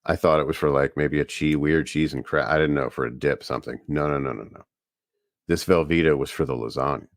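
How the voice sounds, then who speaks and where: A man with an extremely low, deep voice, chatting loosely and rambling through a story. He's from the US Northeast and co-hosts a podcast. The sound is dry and close, with no room echo. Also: steady tone, a little fast. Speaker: podcast co-host. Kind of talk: casual chat.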